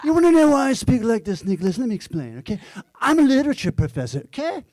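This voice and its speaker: A man's voice: very high-pitched, very animated, fast, dark tone, dry recording, pitched above the performer's own voice. A man putting on the voice of an older male literature professor with a Mid-Atlantic accent, who speaks emphatically and with exaggerated distinction. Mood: lecturing. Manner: emphatic, clipped speech delivered with exaggerated distinction.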